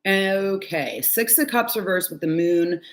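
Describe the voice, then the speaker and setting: A woman's voice: lowish voice, animated, a little slow. A woman giving a casual tarot reading from home, chatty and candid, with frequent sighs and the odd swear word. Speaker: tarot reader.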